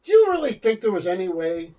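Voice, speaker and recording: A man's voice: high voice, huge pitch swings, fast talker, warm tone, recorded from a distance, rough recording. An older man co-hosting a casual chat, telling rambling stories. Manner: rambling storyteller. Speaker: co-host.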